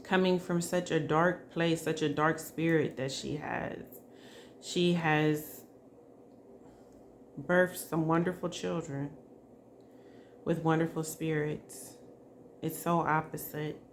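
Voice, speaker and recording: A woman doing a psychic spirit reading, speaking softly and emotionally and addressing the spirit directly. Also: low-pitched, steady tone, slow, pauses often, slight background noise. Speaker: psychic reader.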